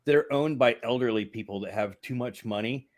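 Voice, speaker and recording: A man co-hosting a movie review show, rambling casually with swearing and frequent laughter. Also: fairly quick. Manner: rambling, laughs often, swings pitch widely. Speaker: movie review podcast co-host.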